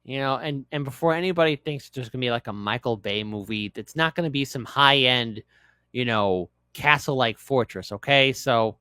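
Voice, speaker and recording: Commentary host, male, middle pitch, dry close sound, wisecracking, stumbles over words. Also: normal speed, clear, resonant tone, no echo. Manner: joking, repeats words, loud bursts. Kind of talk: casual news commentary.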